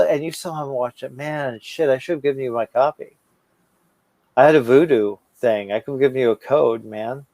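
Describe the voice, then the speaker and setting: A man's voice: medium pitch, darkish tone, dry recording. A man co-hosting a casual podcast chat, rambling and swearing a lot, stoned and stumbling over his words. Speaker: podcast co-host.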